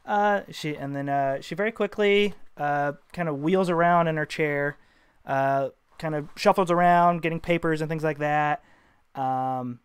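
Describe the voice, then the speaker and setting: A man's voice: a little high, clear, resonant tone, dry recording. A man narrating a tabletop game as game master, rambling and full of fillers.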